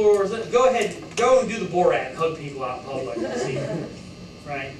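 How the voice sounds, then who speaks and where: A man with a high-pitched voice lectures a college class, joking and firing rhetorical questions at his students. He is recorded from across an echoey classroom. A faint hiss sits under his voice. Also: big pitch swings, moderate pace, recorded from a distance. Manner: joking, rhetorical, acts out quotes. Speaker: college instructor.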